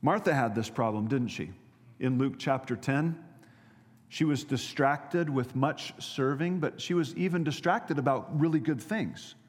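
A man's voice: medium pitch, measured pace. Man preaching in a reverberant hall. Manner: earnest preaching with frequent repeated words and restarts. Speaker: pastor. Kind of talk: sermon.

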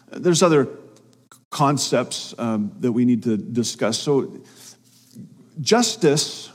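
Husky-voiced man preaching in a hall. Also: medium pitch, a little mellow. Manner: emphatic, repeats phrases for stress. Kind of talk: sermon. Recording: long reverb of a hall.

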